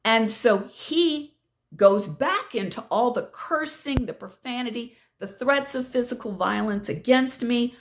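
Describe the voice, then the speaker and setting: A middle-aged woman hosting a vlog, telling a story in an indignant, animated way. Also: on the high side, a little slow. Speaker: channel host.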